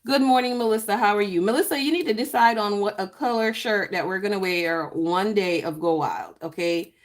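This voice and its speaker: A chatty woman talks through her planner setup on a live stream and greets viewers by name as she works. She drawls some words and her voice swoops up high when she gets excited. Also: fairly quick. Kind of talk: casual live-stream chat while crafting.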